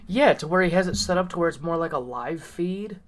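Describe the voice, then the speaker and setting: A man's voice: on the high side, expressive, brisk. A man chatting casually on a stream, laid-back, swearing often and filling with "like". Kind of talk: casual chat.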